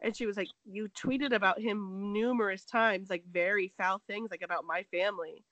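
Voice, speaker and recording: Co-hosting a casual gossip conversation, a woman says she's feeling sick while she tells a story in lively fashion, voicing the quoted lines and leaning heavily on "like." She has a mid-range voice at normal speed, and the audio is dull with no room sound.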